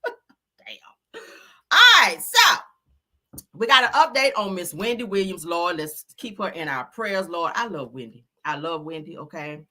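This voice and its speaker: Sassy, animated woman gossip host. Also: on the low side. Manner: animated, sassy, profane, acts out people with voices. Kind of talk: casual gossip commentary.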